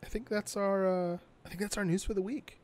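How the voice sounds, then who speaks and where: Sarcastic, foul-mouthed young man, a bit high. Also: steady tone, fairly quick, darkish tone. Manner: blunt and sarcastic, swears freely. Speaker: podcast co-host. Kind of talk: casual gaming news chat.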